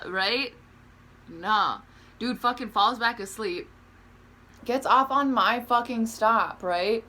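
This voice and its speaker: Bright-voiced young woman, profane, rambling. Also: fairly high pitch, slow pace. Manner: profane, rambling, heavy use of "like"; self-described awkward. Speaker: vlogger. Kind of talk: casual storytelling to camera.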